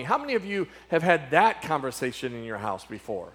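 A middle-aged male pastor preaching a sermon with emphatic repetition, dramatic pauses and sweeping swings in volume. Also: mid-range voice, sing-song, fairly bright tone.

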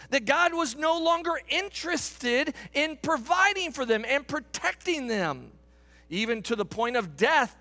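A man in his thirties delivers a sermon in church with a high, bright, forward voice. He is earnest and repeats words as he presses a point. When he voices complaints he lifts his voice higher still. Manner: acts out quoted complaints in a raised voice. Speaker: pastor.

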